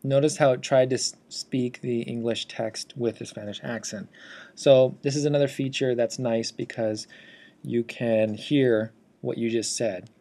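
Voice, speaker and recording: A man teaching assistive technology in a screencast walkthrough, explaining in a steady, teacherly way. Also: mid-range voice.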